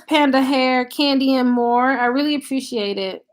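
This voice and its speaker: A woman's voice: high-pitched, normal speed. A woman from Tennessee with a Southern country accent, chatting casually with viewers on a live stream and thanking them by name. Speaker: channel host on a live stream. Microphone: laptop.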